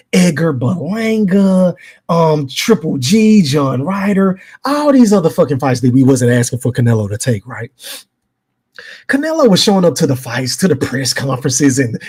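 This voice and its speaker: A man's voice: fairly high pitch, darkish tone, husky. A man hosting a podcast, giving an emphatic, profane boxing opinion rant and talking straight to his live chat. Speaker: podcast host.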